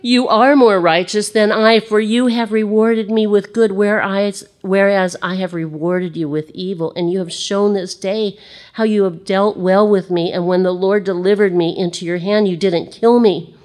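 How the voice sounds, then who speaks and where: A woman's voice: medium pitch, steady tone, normal speed, darkish tone, pitched above the performer's own voice, natural voice. A woman voicing a remorseful older male king, read in a plaintive, wondering way.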